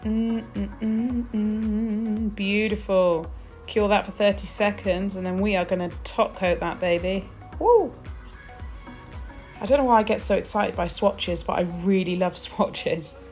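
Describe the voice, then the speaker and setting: A British woman swatches nail polishes in a chatty tutorial, gushing and exclaiming along the way. Her mid-range voice is steady and somewhat dark, moving at a moderate pace, with soft music underneath.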